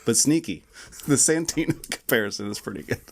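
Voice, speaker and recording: A man co-hosting a podcast, chatting casually in a relaxed, rambling way and laughing often. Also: medium pitch, creaky, a little hiss or hum. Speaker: podcast co-host. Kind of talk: casual chat.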